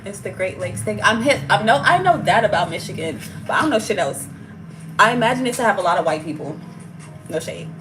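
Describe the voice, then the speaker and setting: A woman's voice: medium pitch, expressive, fast, over music. An American woman hosting a livestream in a playful, slangy way, laughing often between remarks. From United States. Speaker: tarot channel host. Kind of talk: casual livestream chat.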